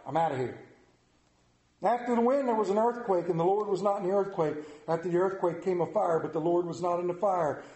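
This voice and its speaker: A man preaches in an easy, conversational way, turning to his listeners with questions. His voice sits fairly high for a man. The room around him is echoey. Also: a little mellow. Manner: conversational, asks the congregation questions. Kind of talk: interactive sermon.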